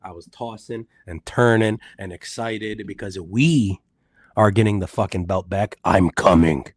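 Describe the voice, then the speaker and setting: A man co-hosting a casual live MMA stream, talking in loose, profane, excitable banter. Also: on the low side, unhurried, breathy edge, no echo, clean studio sound.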